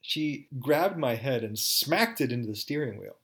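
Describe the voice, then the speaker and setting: A man's voice: mid-range voice, animated, normal speed, fairly bright tone. A man telling a first-person story aloud in a wry, candid, conversational way.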